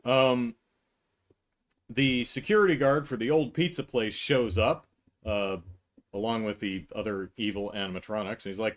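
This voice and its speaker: A man's voice: fairly low pitch, moderate pace. A middle-aged man hosting a podcast, talking through a film in a casual, sarcastic, exasperated monologue. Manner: exasperated, sarcastic, mocking acted quotes. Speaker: podcast host. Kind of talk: casual movie review monologue.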